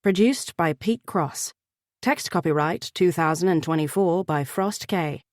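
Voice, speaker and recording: A woman narrator with a slightly low voice, reading a fantasy romance in a measured, even way. The recording is dry and close, with no room sound. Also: no echo. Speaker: audiobook narrator. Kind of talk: scripted narration.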